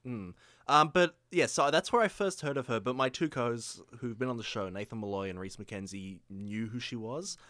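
Low-key man co-hosting a podcast. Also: moderate pace, bright, forceful tone, no echo, studio quality. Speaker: podcast co-host. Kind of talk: casual chat.

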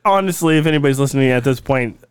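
A man's voice: mid-range voice, clean tone, no echo. A man co-hosting a podcast, joking and teasing in casual chat and laughing often. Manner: playful, teasing, quick to laugh. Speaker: podcast co-host.

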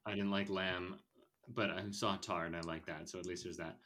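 A man's voice: sits low, flat delivery, normal speed, pushed and bright, slight background noise. A man hosting a casual movie podcast, rambling and opinionated, with lots of fillers. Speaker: podcast host.

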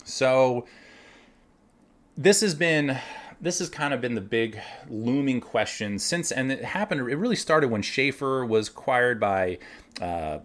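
A middle-aged man, a winemaker hosting a show, talking in a casual, animated, folksy way. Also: medium pitch. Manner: animated, conversational, folksy with sports metaphors. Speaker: winemaker and podcast host. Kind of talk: casual monologue.

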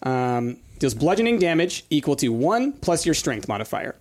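A man running a tabletop game as game master, reading rules aloud in a casual, halting way. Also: a little high, big pitch swings, a little mellow. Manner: casual, halting, many fillers.

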